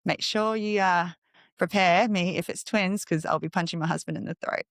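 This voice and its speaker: A woman in her thirties, guesting on a podcast, tells her story with candid, animated energy. Her voice sits on the lower side and the sound is close and dry, with no room around it. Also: normal speed, dry recording. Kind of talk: conversational storytelling.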